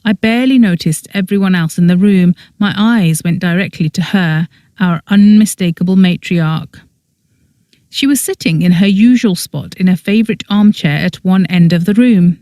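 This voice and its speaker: Brief: audiobook narrator, warm dark tone, dry close recording, even storytelling. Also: medium pitch, moderate pace, no room sound. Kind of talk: scripted first-person narration.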